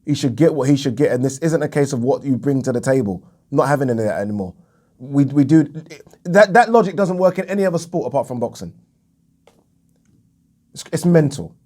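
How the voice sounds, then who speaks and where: An English man with a mellow, medium-pitched voice talks fairly quickly and with animation. He delivers an indignant solo boxing rant for his opinion vlog, repeating points for emphasis and swearing freely.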